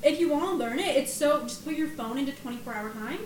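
Young woman on a podcast, high voice, rambly and swears a lot, bit of hiss. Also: fast talker, poor audio. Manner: emphatic, rambling, swears casually. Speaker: podcast co-host. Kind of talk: casual chat.

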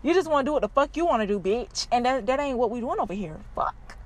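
A woman's voice: on the high side, quick pace. A young woman, ranting bluntly and profanely to her viewers in a casual vlog. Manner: blunt, profane, animated storytelling. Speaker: vlogger. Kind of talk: casual unscripted rant to viewers.

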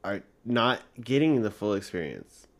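A man's voice: fairly low pitch, very animated, a little slow. A young man co-hosting a casual podcast, rambling with lots of fillers and casual swearing. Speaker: co-host.

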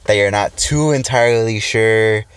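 A man's voice: on the low side, normal speed, clean tone. A young man in his twenties co-hosting a podcast, telling a story in casual chat, swearing freely and laughing often. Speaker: podcast co-host.

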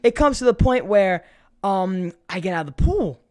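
Man, from new york, lively swinging pitch, profane rambling storyteller. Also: normal speed. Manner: animated, profane, rambling with restarts. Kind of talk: casual storytelling chat.

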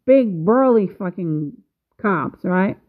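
A woman in her fifties talking casually to her viewers, slow and measured, pausing often. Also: medium pitch, expressive. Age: 50s. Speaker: vlogger. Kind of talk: casual video commentary. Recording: tinny phone-like sound.

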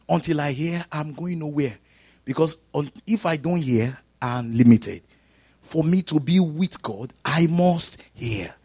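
A male preacher delivering a sermon in a church service, swinging from loud, rising exclamations down to hushed, whispered lines. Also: medium pitch, breathy edge. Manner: dramatic swings from shouting to quiet whispers.

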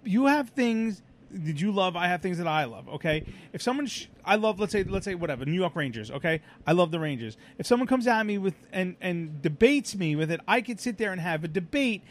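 Rambling man with a slightly high voice. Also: sing-song, brisk. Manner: rambling, self-interrupting storyteller with many restarts and fillers. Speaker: podcast co-host. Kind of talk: casual chat.

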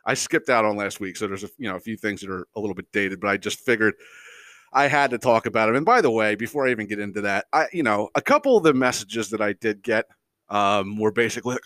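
A man's voice: on the low side, animated, fairly bright tone, dry recording. A man hosting a podcast, ranting casually in a profane, exasperated way with lots of rambling asides and chuckles. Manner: profane, exasperated, mocks people in quick impressions; rambling, unscripted, frequent fillers and chuckles. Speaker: podcast host. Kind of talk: casual comedic rant.

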